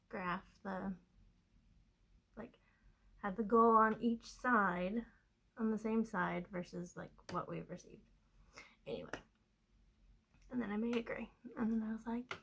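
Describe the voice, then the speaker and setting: A talkative woman from Kentucky with a fairly high voice, hosting a knitting video. She rambles through her stories with lots of fillers and easy laughs. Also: fairly even intonation, unhurried, creaky, long pauses, husky, low-quality recording. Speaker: knitting podcaster. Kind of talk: casual chat.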